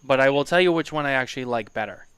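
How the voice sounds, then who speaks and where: A man co-hosting a casual talk show, animated and teasing, laughing often as he talks. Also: mid-range voice, fast talker, smooth, dry recording. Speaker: podcast co-host. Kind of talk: casual chat.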